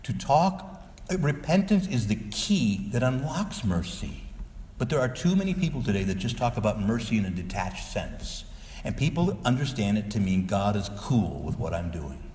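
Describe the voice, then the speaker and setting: Low-voiced priest preaching in a hall. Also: male voice, very animated, normal speed, a little mellow. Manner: earnest and exhorting, pleading at times. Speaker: Catholic priest. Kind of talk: sermon.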